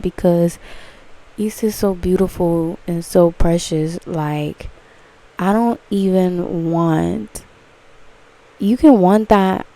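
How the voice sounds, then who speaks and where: A woman rambling in a casual, gushing monologue to camera, full of fillers and swearing. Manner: breaks into excited high exclamations. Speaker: vlogger.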